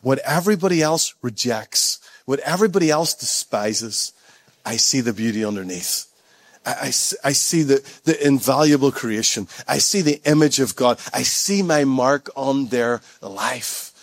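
A man preaching a sermon to his church, telling stories conversationally and building to excited, rising peaks while calling out to the congregation. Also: medium pitch, normal speed. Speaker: pastor.

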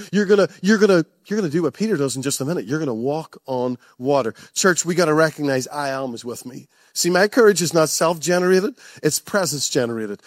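High-voiced preacher man. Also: dry recording, clean studio sound. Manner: passionate, repetitive, chuckles often. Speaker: pastor. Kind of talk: sermon. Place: church.

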